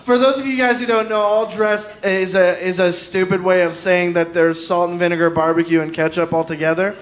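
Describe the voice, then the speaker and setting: A man's voice: sits high, steady tone, fairly quick. A man chatting as a guest comedian at a live podcast taping, rambling and self-deprecating, laughing often. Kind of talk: casual live podcast chat. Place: live show before an audience.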